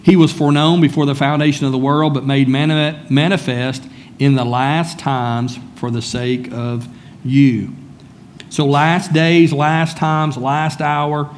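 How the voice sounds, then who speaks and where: A man's voice: fairly high pitch, a little hiss or hum. A man preaching a sermon in a church, speaking conversationally and calling on listeners by name. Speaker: pastor.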